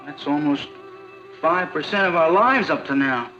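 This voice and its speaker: Jealous teen boyfriend, high bright voice, sulky and earnest, dull old TV audio. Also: male voice, measured pace, soft background music. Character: jealous lovesick teenage boy. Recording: dull 1960s TV sound.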